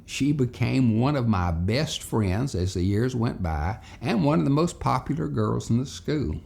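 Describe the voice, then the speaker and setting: A man telling a childhood story as a moral lesson for children and parents, in an animated, folksy way. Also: mid-range voice, unhurried, vocal fry.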